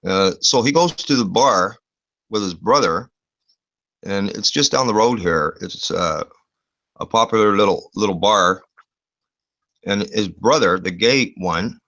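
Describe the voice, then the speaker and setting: A man's voice: lowish voice, pushed and bright, dry recording, highs cut off. A man telling a crude, rambling story on a video call, swearing often and full of fillers. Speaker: online show host.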